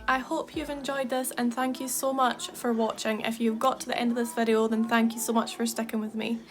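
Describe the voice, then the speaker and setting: A young Scottish woman, a makeup artist, chatting warmly and enthusiastically through a makeup tutorial. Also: fairly high pitch. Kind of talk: casual makeup tutorial chat.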